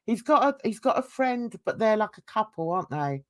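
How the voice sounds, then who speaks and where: A woman's voice: mid-range voice, sing-song, a little fast. A woman hosting casual reaction commentary, chatty and gossipy, laughing often. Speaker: commentary channel host.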